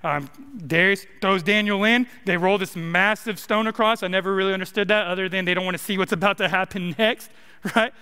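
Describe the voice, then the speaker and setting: A man's voice: high-pitched, fairly even intonation, brisk, pushed and bright, clear, resonant tone. A young man preaching a casual, joking sermon as a college minister, full of likes and rights. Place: church sanctuary. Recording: long hall reverb.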